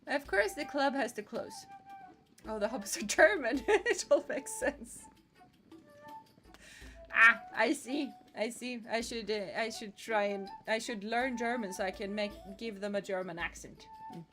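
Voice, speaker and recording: A woman's voice: a little high, unhurried, bright, forceful tone, faint music behind. A woman streamer who laughs often and chats playfully while playing a game. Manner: giggly, playful, reads game dialogue aloud. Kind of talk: casual let's-play commentary.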